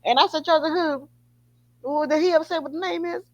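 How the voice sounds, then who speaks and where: A woman's voice: sits high, fairly quick. A woman hosting a podcast, talking in a casual, profane way and laughing often. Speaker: podcast host. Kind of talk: casual commentary. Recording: dull lo-fi sound.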